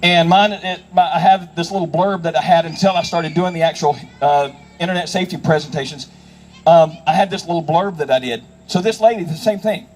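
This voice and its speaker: A man's voice: a little high, brisk, rough recording. A middle-aged man, a federal investigator, telling emphatic anecdotes to a live audience and acting out the people in them. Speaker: federal investigator speaking on child safety. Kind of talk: storytelling speech to a live audience.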